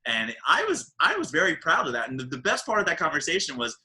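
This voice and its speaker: A man with a New York accent hosting a podcast in casual, animated, joking chat. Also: on the high side, fast talker, poor audio. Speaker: podcast host.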